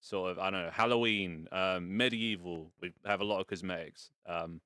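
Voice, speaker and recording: Low-voiced man streaming in VR. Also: normal speed, bright, forceful tone, smooth, no echo, clean studio sound. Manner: rambling and playful, swears casually. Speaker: VR streamer hosting a fashion show. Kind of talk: casual live-stream chat. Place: indoors in a home VR setup.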